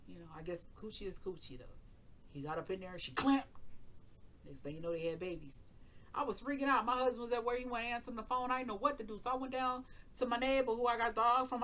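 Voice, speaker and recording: Bright-voiced chatty woman, laughs a lot. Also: on the high side, quick pace. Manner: chatty, laughs often, curses freely. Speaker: tarot reading channel host. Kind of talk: casual storytelling chat.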